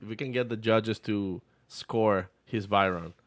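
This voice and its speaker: Easygoing low-voiced male co-host. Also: a little slow, no echo. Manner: easygoing, filler-heavy. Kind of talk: casual podcast chat.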